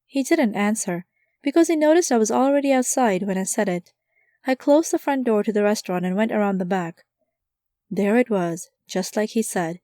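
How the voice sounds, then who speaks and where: A woman narrating a light first-person mystery audiobook, giving lively voices to the characters. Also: mid-range voice, dry recording, studio quality.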